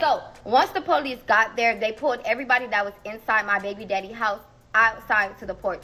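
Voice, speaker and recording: A woman's voice: mid-range voice, pushed and bright, a little hiss or hum, poor audio. A young woman telling a dramatic personal story in a casual vlog, emotional and repetitive, speaking straight to her viewers.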